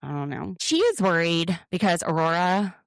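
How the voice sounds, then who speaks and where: A woman's voice: lowish voice, big pitch swings, moderate pace, gravelly, no echo, clean studio sound. A woman co-hosting a podcast, recapping a reality show in an opinionated, sarcastic way. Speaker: podcast co-host. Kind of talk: casual recap chat.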